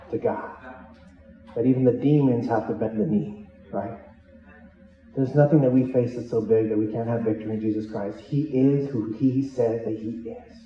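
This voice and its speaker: Animated male pastor in a roomy hall. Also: medium pitch, normal speed, distant mic, dull audio, slight background noise. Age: adult with children. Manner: animated, joking, acts out the disciples' lines. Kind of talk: sermon. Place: church hall.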